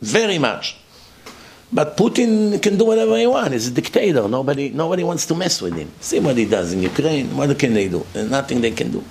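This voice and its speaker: A man's voice: medium pitch, lively intonation, a little fast, gravelly, a little mellow, a little hiss or hum. A man giving a sermon-style lecture as a rabbi, emphatic and full of rhetorical questions, with his voice swinging up and down for effect.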